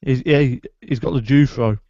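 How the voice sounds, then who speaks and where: A man's voice: medium pitch, moderate pace, warm tone, no room sound. Man, joking co-host, dry close sound, muffled audio. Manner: teasing, joking. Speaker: podcast co-host. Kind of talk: casual live podcast chat. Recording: dull lo-fi live stream audio.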